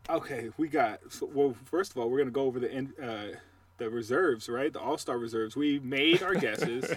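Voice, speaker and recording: Laid-back man telling animated stories, a bit off-mic. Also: mid-range voice, normal speed, slightly rough, far from the mic. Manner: animated storyteller, trash-talking humor. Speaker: podcast co-host. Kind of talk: casual sports chat.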